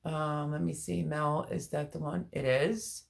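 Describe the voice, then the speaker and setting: Low-voiced woman talking candidly. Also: fairly even intonation, vocal fry. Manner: candid, emotional, rambling with many pauses. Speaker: gardening channel host. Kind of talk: personal vlog chat with live viewers.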